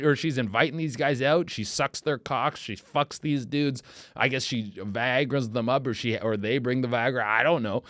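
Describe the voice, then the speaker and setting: Profane rambling comedian, dry close sound. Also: male voice, a little high, dry recording. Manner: profane, rambling, swings from mumbling to loud outbursts. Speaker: comedy podcast host. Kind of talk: crude comedic monologue.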